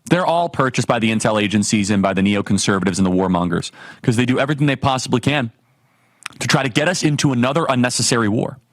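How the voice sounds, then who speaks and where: A man hosting a political talk show, giving an emphatic, animated monologue full of rhetorical questions. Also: mid-range voice, quick pace, dry recording. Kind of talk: fiery political commentary monologue.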